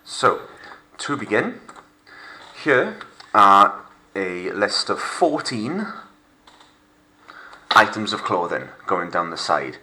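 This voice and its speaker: A deep-voiced man teaches a recorded remote lesson. His tone is bright and forceful, and he explains patiently, step by step, with fillers. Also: very animated, takes it slowly, pauses often, poor audio.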